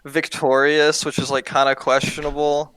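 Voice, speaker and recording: Male host, relaxed slangy chatter, clear and dry mic sound. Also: fairly high pitch, normal speed, no echo, poor audio. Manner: chatty, swears freely, slangy. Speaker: podcast host. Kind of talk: casual podcast chat.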